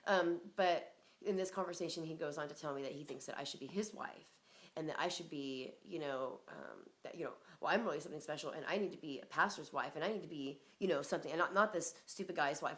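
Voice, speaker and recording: A woman's voice: on the low side, fast talker. Rambling woman telling a story casually. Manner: rambling, many fillers and "like", swears, laughs often.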